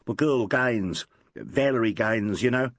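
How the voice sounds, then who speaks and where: A man's voice: mid-range voice, measured pace, dry recording, natural voice. A man voicing an eager young New police sergeant, chatty and gushing as he tells a story. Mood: gossipy.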